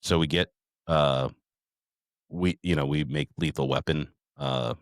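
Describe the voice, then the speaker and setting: Man, very low voice, dry close sound, middle-aged, swearing, rambling casual chat. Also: fairly even intonation, unhurried, dry recording. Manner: profane, rambling storytelling. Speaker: podcast host.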